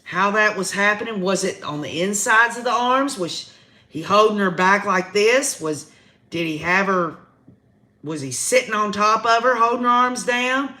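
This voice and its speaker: Bright-voiced Southern woman chatting live. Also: mid-range voice, moderate pace. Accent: Southern American. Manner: chatty, talks straight to viewers with "y'all". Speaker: livestream host. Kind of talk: casual live commentary.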